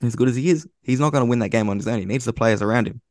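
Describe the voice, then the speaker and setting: A man's voice: mid-range voice, rapid-fire, a little mellow, no room sound. A man, a guest on a sports podcast, making blunt points in casual chat and swearing offhandedly. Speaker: football writer, podcast guest.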